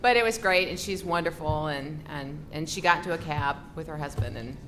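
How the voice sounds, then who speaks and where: A woman co-hosting a podcast, telling an excited, rambling story with lots of giggles and restarts. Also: deep voice, brisk, a little hiss or hum. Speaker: podcast co-host.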